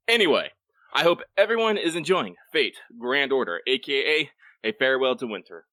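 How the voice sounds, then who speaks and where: A man's voice: medium pitch, sing-song, a little fast, sharp tone, dry recording. A man co-hosting a casual live-streamed podcast, joking around and swearing freely. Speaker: podcast co-host.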